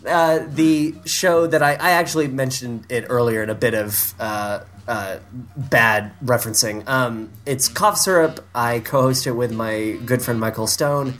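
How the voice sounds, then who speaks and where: A man's voice: medium pitch, moderate pace, fairly bright tone, soft background music. A man co-hosting a podcast in casual, joking chat, laughing often. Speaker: podcast co-host.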